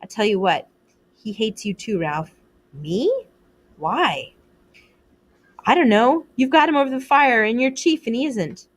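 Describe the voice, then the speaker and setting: A woman's voice: on the high side, lively intonation, measured pace, pauses often. A woman reading aloud, voicing an anxious, earnest schoolboy who talks in a plain, worried, pleading way. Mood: fretful.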